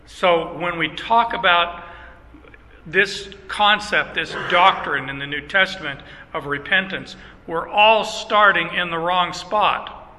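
A man's voice: high-pitched, slow, pushed and bright, big-room sound, slight background noise, poor audio. An older Canadian man, a pastor, teaching a sermon in a conversational way with chuckling asides and frequent restarts.

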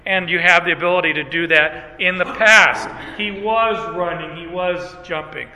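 A man preaching a Bible teaching sermon, emphatic, posing rhetorical questions and slowing down on key phrases. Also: fairly high pitch, bright, forceful tone, a little hiss or hum. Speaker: pastor. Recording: long hall reverb.

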